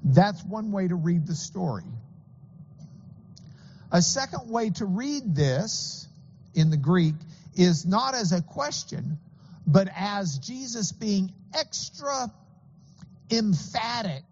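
A man's voice: sits high, sing-song, slow pace, a little mellow, in a large hall, lo-fi sound, slight background noise. A man preaching a sermon as pastor, earnest and explanatory, with occasional stammering restarts.

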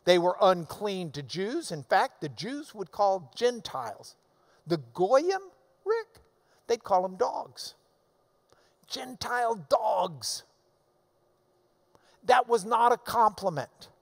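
A man preaching an expository sermon, emphatic, repeating key words in loud bursts and adding folksy asides to the congregation. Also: sits high, big pitch swings, measured pace. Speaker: preacher teaching a Bible passage.

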